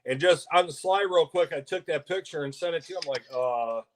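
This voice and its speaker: A man co-hosting a casual live stream, telling a story in a rambling, halting way. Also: a little high, a bit bright, slight background noise. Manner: rambling, halting, laughs often. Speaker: co-host.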